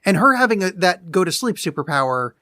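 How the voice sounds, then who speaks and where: A man co-hosting a podcast, talking bluntly in casual chat and swearing freely. His voice sits a little high for a man, and it is recorded dry and close with no room sound. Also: big pitch swings, brisk, pushed and bright, no echo. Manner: blunt and profane, exasperated. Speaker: podcast co-host.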